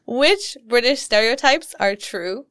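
A woman hosting a podcast, chatting in a bubbly, giggly, animated way. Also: on the high side, slow, clear, resonant tone, no echo, clean studio sound. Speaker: podcast host. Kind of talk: casual interview chat.

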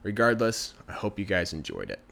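A man telling a folktale in a chatty, animated storytelling style. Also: fairly low pitch, brisk, creaky. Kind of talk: casual storytelling.

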